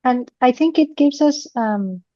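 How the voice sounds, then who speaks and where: A woman podcast host talking thoughtfully, often pausing with "you know" fillers. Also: sits high, expressive, mellow, no room sound, dull audio. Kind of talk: reflective conversation.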